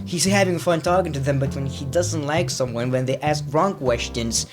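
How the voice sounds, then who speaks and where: A man's voice: fairly high pitch, normal speed, music in the background. A man doing casual, rambling reaction commentary as a YouTuber, laughing at the clips he shows.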